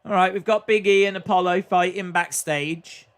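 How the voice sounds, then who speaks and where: A man's voice: high-pitched, steady tone, moderate pace, clean tone. A man hosting a live stream, chatting casually as he reacts to a wrestling show and reads viewer comments aloud.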